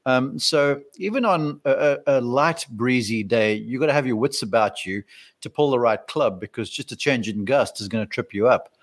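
A man co-hosting a golf podcast, talking in a relaxed, rambling way with many fillers and restarts as he breaks down the round. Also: medium pitch, moderate pace. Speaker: golf analyst, podcast co-host. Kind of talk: casual golf analysis chat.

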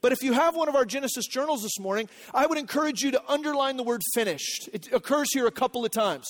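A man's voice: very high-pitched, expressive, quick pace, a bit bright. A male pastor preaching a sermon in an earnest teaching manner, repeating key phrases and checking that the congregation follows.

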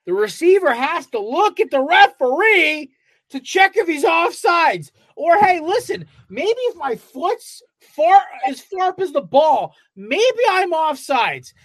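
A man's voice: very high-pitched, very animated, slow pace, a bit bright, dry recording. Man, sports podcast co-host, fired-up rant, heavy swearing, dry close sound. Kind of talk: casual sports chat.

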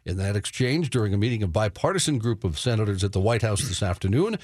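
A man's voice: lowish voice, lively intonation, fast talker, a little mellow, breathy edge, no room sound. A man reading the news on a sports talk radio show, matter-of-fact and chuckling between stories, in a studio. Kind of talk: reading news updates with banter.

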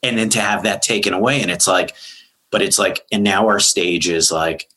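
A man's voice: normal speed, sharp tone, poor audio. A man speaking as a therapist guest in a casual podcast conversation, earnest and rambling, with many fillers and voices for quoted people. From Canada. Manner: rambling, earnest, many fillers, high-pitched when quoting.

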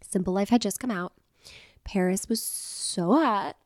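A woman's voice: medium pitch, unhurried, no echo, clean studio sound. A woman in her thirties co-hosting a chat podcast, rambling and giggly as she tells stories and reads old diary entries aloud. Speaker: podcast co-host.

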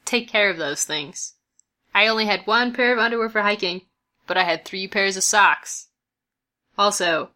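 Female podcast host, bright and direct, offers friendly advice in a casual closing. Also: medium pitch, normal speed.

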